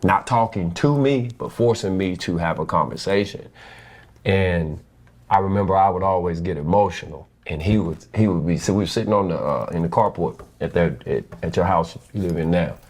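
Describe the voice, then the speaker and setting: Deep-voiced young man, candid storyteller, earnest and animated. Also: normal speed. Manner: earnest, animated, quotes people in changed voices. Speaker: husband sharing his story.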